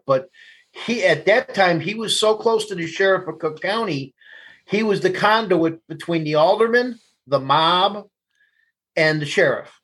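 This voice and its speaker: A man's voice: a little high, fairly bright tone, breathy edge, rough recording. A man, a guest telling blunt, profane stories in an interview. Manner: blunt, profane, laughs through anecdotes. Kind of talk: candid storytelling interview.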